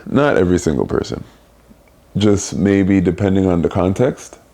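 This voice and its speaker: A man with a very low, deep voice talks openly on a podcast. His phrases come short and repeated, with a reflective, candid manner. He sounds like a young adult speaking frankly in conversation. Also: expressive, moderate pace, mellow. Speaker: podcast host.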